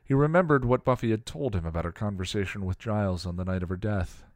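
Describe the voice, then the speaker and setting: A man reading a piece of fan fiction aloud in a steady storytelling manner. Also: on the low side, quick pace, dry recording, studio quality. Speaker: story reader.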